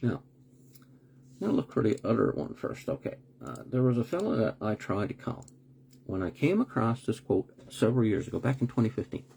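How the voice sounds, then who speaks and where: Fairly low, dark and gravelly, his voice swings widely in pitch and moves fairly quickly, with a little hiss or hum behind it. He's hosting a live online broadcast, speaking bluntly, asking rhetorical questions, making sarcastic asides and dropping a swear word when annoyed.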